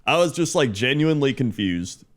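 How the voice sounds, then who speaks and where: A man's voice: medium pitch, very animated, normal speed, fairly bright tone. A man co-hosting a podcast in casual chat, telling a rambling story and chuckling often. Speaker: podcast co-host.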